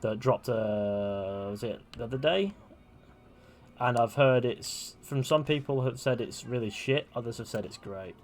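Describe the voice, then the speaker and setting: A man's voice: mid-range voice, measured pace. Chatty young male game streamer. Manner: chatty, offhand, swears. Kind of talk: casual commentary over gameplay.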